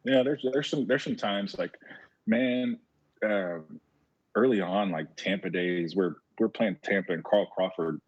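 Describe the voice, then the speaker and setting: A former baseball player, a man telling stories in a casual chat, animated and repeating words as he goes. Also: deep voice, unhurried, breathy edge, no echo. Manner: animated storyteller who repeats words as he talks. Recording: muffled lo-fi audio.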